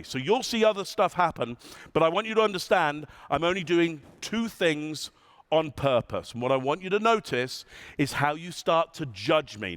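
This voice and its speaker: Animated man giving a keynote. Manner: animated, engages audience with questions; demonstrates tones, drops voice low and soft. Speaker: keynote speaker. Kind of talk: conference keynote. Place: large conference hall.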